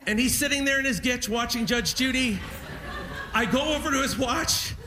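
A man telling stand-up comedy stories in an animated way, laughing as he goes. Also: extremely high pitch, normal speed, a loud crowd, heavy background noise.

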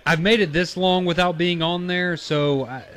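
A man's voice: sits high, fairly even intonation, moderate pace, a bit bright. A man on a sports radio panel, chatting casually with dry, teasing remarks.

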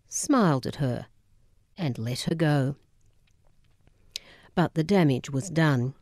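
Woman narrator, memoir audiobook, low mellow voice, dry close sound, measured. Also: no echo. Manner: measured, solemn.

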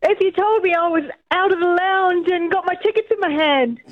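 A woman caller on a phone-in, bubbly and excited. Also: extremely high pitch, moderate pace, no echo. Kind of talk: phone-in chat. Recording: lo-fi phone line.

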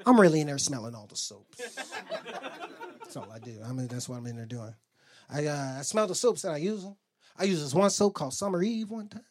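A man doing a stand-up set, telling loose stories and acting out both sides of his arguments on a club stage. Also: fairly high pitch. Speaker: stand-up comedian.

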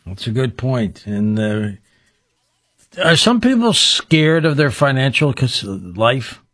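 A man's voice: mid-range voice, sing-song, slow pace, a bit bright, no room sound. Friendly male radio host, dry studio sound. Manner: friendly, complimentary, asks short questions. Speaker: radio talk show host. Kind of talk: late-night radio interview.

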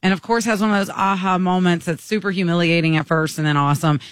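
A woman co-hosting a morning radio show, telling stories in an animated, gushing way. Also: fairly low pitch, quick pace, dry recording, studio quality. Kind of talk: casual chat.

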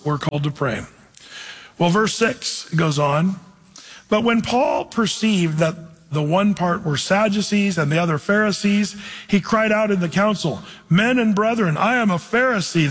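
A man, a pastor, teaching through a Bible passage in a lively, conversational way and reading verses aloud. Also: high-pitched, breathy edge. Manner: animated, conversational, reads scripture aloud. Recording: reverberant hall.

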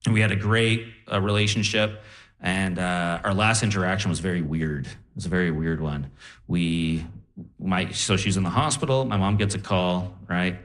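A young man performing a stand-up set on stage, animated and laughing as he acts out voices. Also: low-pitched, moderate pace. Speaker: stand-up comedian. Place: comedy stage before a live audience.

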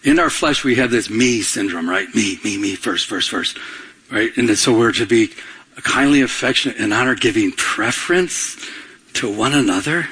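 A man preaching a sermon as pastor, asking the congregation to call out answers and building to excited bursts. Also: medium pitch, normal speed, husky.

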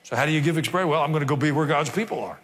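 A man's voice: a little high, very fast, a bit bright. A male pastor preaching a sermon, dropping wry asides and acting out quoted voices. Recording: long reverb of a large hall.

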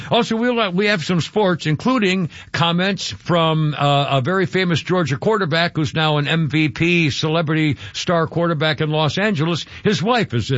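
A man's voice: a little high, a bit bright, no room sound, lo-fi sound. A male radio talk show host, ranting and exasperated in a rambling way.

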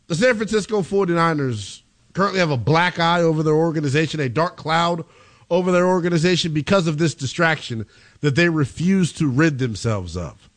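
A male sports radio host sits in a studio and works through the story at a steady, measured pace. He offers firm opinions, and his voice is a touch higher than most men's. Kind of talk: sports talk radio commentary.

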